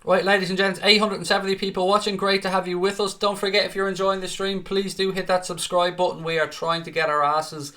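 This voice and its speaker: A young man commentates on a football match for a live fan stream. His voice sits a touch high and comes across bright and forceful. He calls the action excitably and swears freely as he bounces between play-by-play and teasing the chat. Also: quick pace, few pauses. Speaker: watchalong host and fan commentator.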